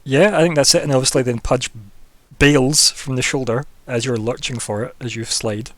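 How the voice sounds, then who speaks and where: A man's voice: mid-range voice, fairly even intonation, normal speed, a bit bright. A man running a tabletop game as game master, in casual talk, laughing often and asking the players what they do.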